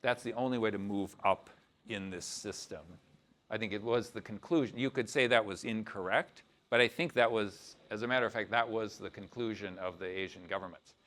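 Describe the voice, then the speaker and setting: A man's voice: lowish voice, fairly quick, a bit bright. A man giving an informal university lecture as a guest lecturer, talking loosely with frequent asides and restarts. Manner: conversational, loose, with frequent "you know" and restarts.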